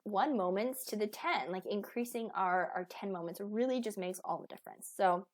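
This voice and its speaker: In a mid-range voice at normal speed, a thirty-something weight loss coach offers a relaxed motivational talk. She rambles chattily, with lots of fillers and restarts along the way.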